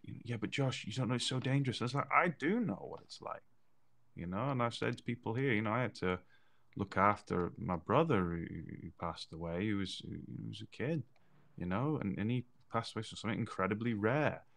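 In a casual podcast conversation, a male co-host with a lowish, fairly bright voice talks expressively and fairly quickly with some vocal fry, earnestly repeating phrases to drive his points home.

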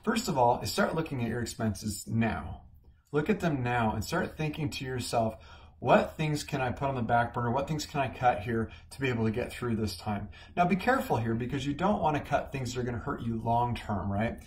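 A man from the Midwestern United States, a company CEO, giving a conversational business talk that opens with a lively personal story. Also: medium pitch, a little fast.

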